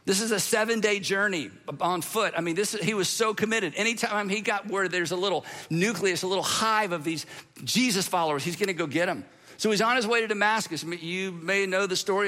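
A man preaching a sermon, telling the story in an animated way with playful humor. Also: high-pitched. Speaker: pastor.

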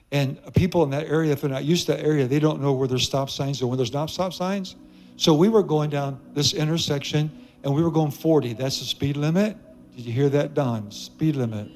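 A man's voice: medium pitch, darkish tone. A man preaching a sermon to a church congregation, emphatic and joking, repeating key phrases for weight. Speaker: pastor.

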